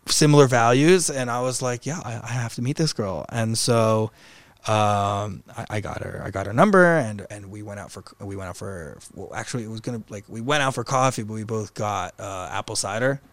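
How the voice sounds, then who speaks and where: A man's voice: fairly low pitch, moderate pace, fairly bright tone, dry recording. A young man guesting on a podcast, chatting casually in a rambling way, full of fillers and restarts. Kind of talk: casual conversation.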